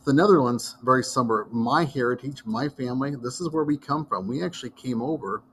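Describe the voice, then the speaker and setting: A middle-aged man from Iowa, a history teacher, gives a casual classroom lecture, spinning folksy, wandering stories. His voice is medium-pitched and fairly bright, and he talks a little fast over slight background noise.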